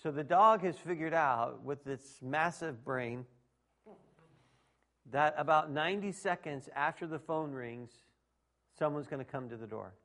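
A man's voice: on the high side, a little slow, sharp tone. A man preaching a sermon as pastor, talking in a folksy, conversational way and asking the congregation rhetorical questions.

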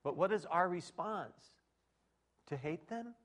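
A middle-aged male preacher with a slightly high voice delivers a chatty sermon. He slips in and out of quoted exchanges, rising sharply when he gets worked up and dropping low for asides. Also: takes it slowly. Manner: conversational and animated, with quoted dialogue and laughter.

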